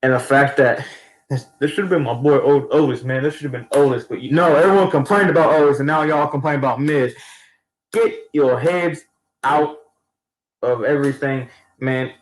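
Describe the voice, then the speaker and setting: A man's voice: medium pitch, normal speed. Male fan vlogger, mid-range voice, loose slangy recap with lots of restarts; roomy echo. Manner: rambling, slangy, many restarts. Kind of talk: casual event recap. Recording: echoey room.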